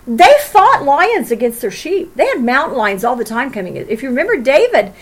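A woman teaching a Bible study, emphatic, with rhetorical questions and dramatic pauses. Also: sits high, sing-song.

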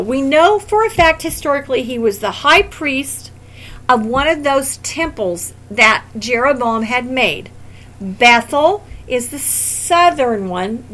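A woman teaching a Bible study in a lively, conversational way, full of opinionated asides and quick explanations. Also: a little high, low-quality recording.

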